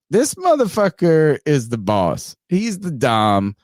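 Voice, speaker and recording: A man hosting a sports podcast, talking casually, animated and profane, joking with co-hosts. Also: a little high, takes it slowly, few pauses, no echo, studio quality. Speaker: podcast host.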